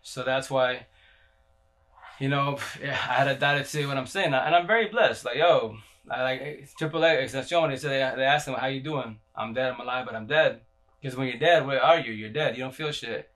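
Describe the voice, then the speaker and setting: A man's voice: mid-range voice, moderate pace, fairly bright tone. A man in a casual livestream talk, rambling and profane, full of slang, often repeating himself and restarting his sentences.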